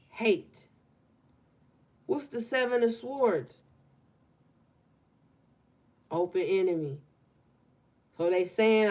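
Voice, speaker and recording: A young woman talking casually through a collective tarot reading, stretching out words for emphasis, in a room by an open window. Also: mid-range voice. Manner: casual, conversational, drawn-out emphasis. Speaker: tarot reader.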